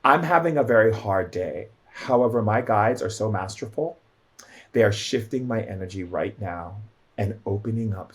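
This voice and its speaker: A man speaking as a shaman guest, giving an emphatic spiritual teaching with much repetition, the odd filler and voices acted out for the people and spirits he quotes. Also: on the low side.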